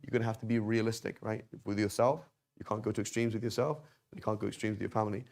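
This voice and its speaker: A man's voice: fairly low pitch, flat delivery, quick pace, gravelly, a little mellow. A man teaching an informal Arabic class, talking conversationally and tossing rhetorical questions at his students.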